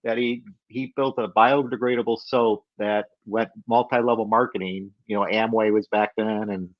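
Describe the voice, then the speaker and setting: A middle-aged man telling a story as a podcast guest, animated and acting out the voices of people he quotes. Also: on the low side, moderate pace, no room sound, muffled recording.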